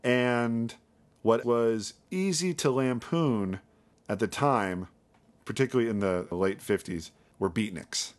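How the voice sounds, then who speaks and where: A man's voice: medium pitch, takes it slowly. A man co-hosting a podcast, chatting casually about old television with enthusiasm. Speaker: podcast co-host. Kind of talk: casual conversational chat.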